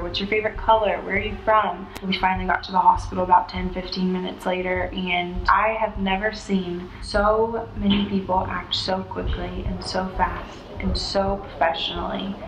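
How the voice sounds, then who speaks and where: A woman's voice: fairly low pitch, creaky, noisy background. A young woman telling an earnest, heartfelt personal story in a casual way. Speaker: interviewee recounting a rescue. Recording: echoey room with music behind.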